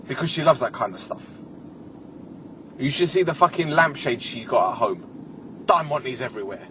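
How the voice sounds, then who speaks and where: A man's voice: mid-range voice, animated, normal speed, long pauses, fairly bright tone, slight background noise. A young man hosting a podcast solo, telling a comic, exasperated story with a lot of swearing. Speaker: podcast host.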